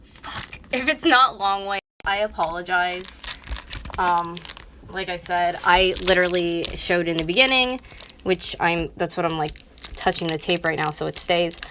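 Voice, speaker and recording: Bright-voiced young woman vlogging casually. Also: lowish voice, moderate pace, a little hiss or hum. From North America. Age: 20s. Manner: rambling, blunt and frequently swearing. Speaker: beauty vlogger. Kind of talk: casual live-stream nail tutorial. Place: her warm bedroom at a vanity. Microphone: phone camera propped up close.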